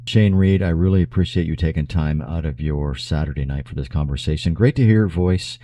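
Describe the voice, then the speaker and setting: A man hosting a radio talk show, asking measured, deliberate questions of his guest. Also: rumbling low, warm tone. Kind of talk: radio interview.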